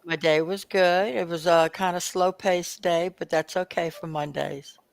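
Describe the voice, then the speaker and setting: A woman co-hosting a live-stream auction over a video call, relaxed and easygoing. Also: on the low side, measured pace, creaky, no room sound.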